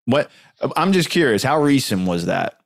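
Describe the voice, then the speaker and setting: A man's voice: mid-range voice, sing-song, moderate pace, creaky, no room sound, studio quality. A man hosting a casual basketball talk show, rambling with lots of fillers and the odd joke. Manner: rambling, full of fillers and jokes.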